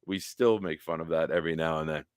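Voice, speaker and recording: A man hosting a casual live-stream chat, telling stories and acting out other people's lines loudly. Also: a bass voice, fast, clear, resonant tone, dry recording, studio quality. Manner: animated storyteller, acts out quotes loudly. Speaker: podcast host.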